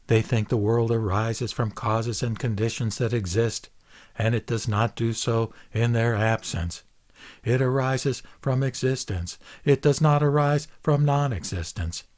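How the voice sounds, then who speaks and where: Guy reading old scripture out loud, slow and steady, solemn. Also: medium pitch. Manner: measured, solemn recitation. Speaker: reader.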